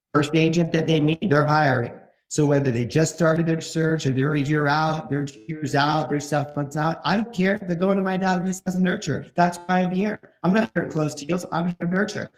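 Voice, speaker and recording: A man teaching real estate agents, acting out scripted dialogue with open house visitors in an energetic way. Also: on the high side. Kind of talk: training talk with role-played scripts.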